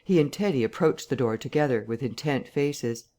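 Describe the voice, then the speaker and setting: An audiobook narrator reading a classic novel in a steady, even storytelling manner. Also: mid-range voice, moderate pace.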